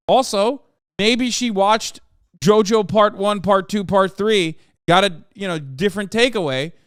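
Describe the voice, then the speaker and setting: A man in his thirties reacting to news on stream, sarcastic and rambling with plenty of swearing. His voice sits high for a man and sounds smooth. The sound is dry and close. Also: fairly bright tone, dry recording. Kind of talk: casual political commentary.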